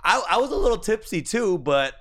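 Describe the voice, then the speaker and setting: Podcast host, male, lively pitch and bright, forward tone; swears and laughs through casual stories. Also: a little fast, a little hiss or hum. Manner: animated, laughs often, swears when storytelling.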